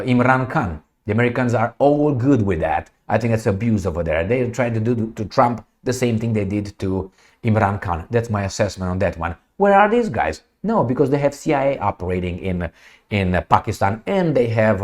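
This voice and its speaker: A man's voice: fairly low pitch, lively intonation, moderate pace. A man giving blunt, sarcastic, profane commentary as he reads a news article aloud. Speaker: political commentator.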